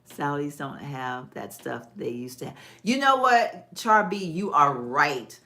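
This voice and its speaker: Low-voiced chatty woman vlogger. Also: lively intonation, measured pace, pushed and bright. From Texas. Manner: chatty, folksy, laughs often, talks to viewers as "girl". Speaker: vlog host. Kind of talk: casual livestream chat.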